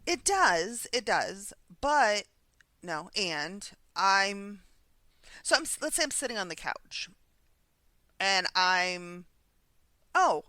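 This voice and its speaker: A woman's voice: medium pitch, pushed and bright, no echo. A woman co-hosting a recovery podcast in casual chat, thinking aloud through personal anecdotes. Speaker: podcast co-host.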